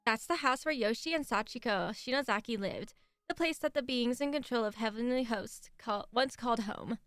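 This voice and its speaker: A woman's voice: on the high side, moderate pace, fairly bright tone, smooth, no echo, close to an everyday voice. A woman voicing a bossy teenage girl class rep with an occult streak, reading game dialogue aloud in a put-on Valley Girl voice. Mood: earnest.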